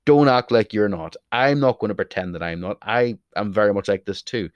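A man's voice: lowish voice, fairly quick, no room sound, highs cut off. A young Irish man with an Irish accent, speaking casually to camera with blunt, opinionated remarks and free swearing. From Ireland. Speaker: video creator.

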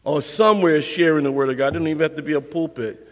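A man preaching a sermon as pastor, conversational and lively, acting out little scenes for his listeners. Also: a little high, fast, big-room sound.

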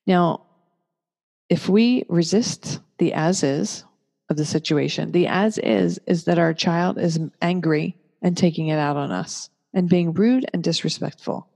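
Gentle, warm-voiced woman teaching patiently. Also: fairly low pitch, a little slow, gravelly. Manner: gentle, patient, explains step by step with examples. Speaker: parenting speaker. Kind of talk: calm reflective teaching talk. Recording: long reverberant room echo.

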